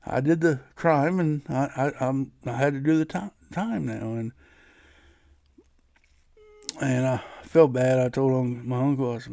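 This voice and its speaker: A man's voice: mid-range voice, steady tone, measured pace, vocal fry, pauses often, warm tone, no room sound. A man hosting his own podcast, telling a personal story in a casual, rambling way, often restarting his sentences. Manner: rambling, frequent restarts and laughs. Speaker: podcast host.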